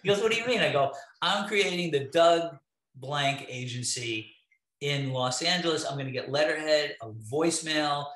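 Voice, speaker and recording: A man, an interview guest, telling a long story in an animated, profane way. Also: on the high side, moderate pace. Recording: roomy echo.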